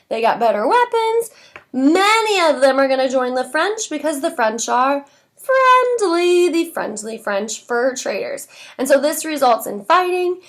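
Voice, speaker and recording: A woman teacher giving a classroom history lesson, animated and chanting words over and over as a memory drill. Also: sits high.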